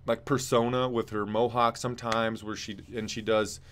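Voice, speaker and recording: A man's voice: on the low side, flat delivery, normal speed, a bit bright, slight background noise. A man co-hosting a fight preview show in casual chat, rambling and blunt, and he swears freely. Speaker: co-host rating fights.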